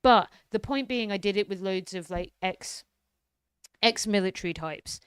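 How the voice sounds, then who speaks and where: A woman's voice: medium pitch, normal speed, fairly bright tone, clear, resonant tone, no echo, clean studio sound. A young woman streamer ranting animatedly about politics, swearing freely and talking to her chat by name. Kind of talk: casual political rant on stream.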